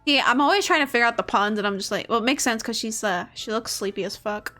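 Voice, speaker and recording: Young woman, game streamer, rambling casual chat, fairly high voice, soft game music underneath. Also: quick pace. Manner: rambling, swears casually, laughs often.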